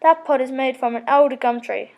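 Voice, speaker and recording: A woman's voice: high-pitched, brisk, vocal fry, a little mellow. A woman voicing a father possum who captains a ship, firm and giving orders. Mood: commanding.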